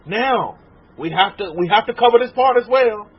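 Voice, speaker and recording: A high-pitched man in his forties preaches with a very raspy, husky voice that swings widely up and down. He stumbles, restarts and keeps asking the congregation questions. The recording sounds muffled and lo-fi. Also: normal speed. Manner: emotional, animated preaching with repeated restarts and questions to listeners. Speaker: rabbi teaching a congregation. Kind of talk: sermon.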